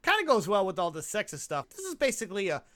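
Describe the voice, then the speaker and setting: A man's voice: high-pitched, wildly swooping pitch, quick pace, fairly bright tone. A tipsy man co-hosting a casual movie review podcast, rambling, swearing and sarcastic. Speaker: podcast co-host.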